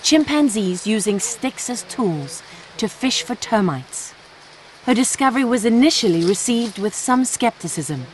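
A woman's voice: fairly high pitch, lively intonation, a little slow, slight background noise. A woman working as a TV correspondent, giving scripted narration and asking short interview questions.

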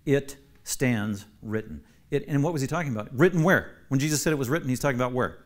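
A man's voice: medium pitch, rapid-fire. Emphatic pastor man teaching a class. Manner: emphatic, repeats key phrases for stress; asks the class questions.

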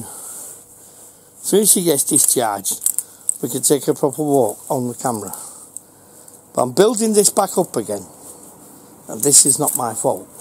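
A man's voice: mid-range voice, a little mellow, slightly rough, poor audio. A middle-aged man with a Northern English accent, giving short, repeated commands to his dog outdoors in a casual vlog. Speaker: dog owner vlogger.

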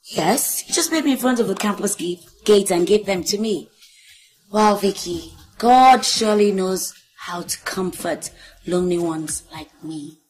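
A woman's voice: mid-range voice, lively intonation, measured pace, darkish tone, natural voice, poor audio. An actress with a Nigerian accent playing a devoted young female student in love, earnest in tone and dropping into Pidgin at times. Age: young adult. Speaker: university student. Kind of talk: Nollywood film acting.

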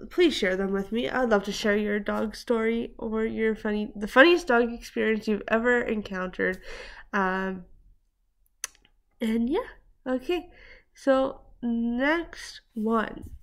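A woman hosting a reaction video from home, chatting casually, exclaiming and laughing often as she comments. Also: mid-range voice. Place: at home with her dogs nearby.

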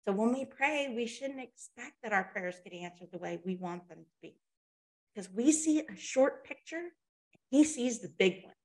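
A woman's voice: fairly high pitch, lively intonation, normal speed. A woman presenting a motivational webinar, talking conversationally and checking in with her listeners as she tells a story.

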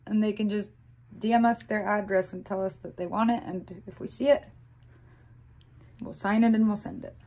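A woman's voice: medium pitch, fairly even intonation, moderate pace, long pauses, darkish tone, poor audio. A woman chatting casually in a home vlog, teasing and correcting her partner's pronunciation as she teaches words. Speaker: vlogger, partner teaching Arabic. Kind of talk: casual couple vlog chat.

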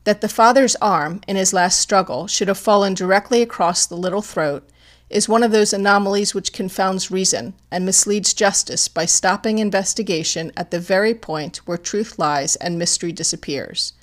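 A woman narrating a classic detective story as an audiobook, in a measured, even reading. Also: mid-range voice.

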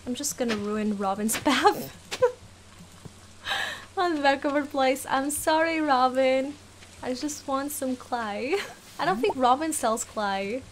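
Young woman gamer, kinda high voice, laughs all the time, pleads w game characters. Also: slow, long pauses, a little hiss or hum. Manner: giggly, playfully exasperated, talks to game characters. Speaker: let's play gamer. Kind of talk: casual gameplay commentary.

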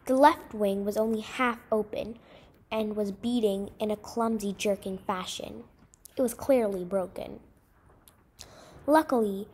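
A woman narrating a short story aloud in a measured, expressive storytelling manner. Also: medium pitch, husky. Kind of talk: scripted story reading.

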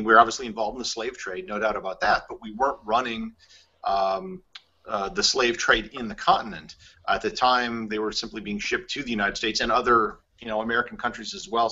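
A man's voice: on the low side, normal speed, sharp tone, slightly rough. A man hosting a travel podcast in casual conversation, thinking aloud with plenty of fillers as he goes. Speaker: podcast host. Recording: slightly muffled audio.

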